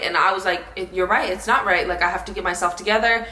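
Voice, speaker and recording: Bright-voiced young woman, echoey room. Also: mid-range voice. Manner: emotional, quick run-on talk with many fillers. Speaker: vlogger, partner in a couple channel. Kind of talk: emotional relationship talk to camera.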